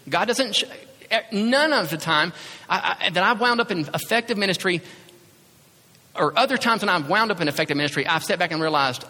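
A man's voice: sits high, brisk, bright, forceful tone. A man preaching a sermon as a pastor, talking conversationally and acting out little asides. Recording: reverberant hall sound.

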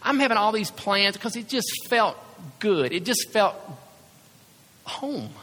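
Man, pastor, lively sermon, bright voice, echoing hall. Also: sits high, slow pace. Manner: animated, conversational preaching with acted-out asides. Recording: reverberant hall sound.

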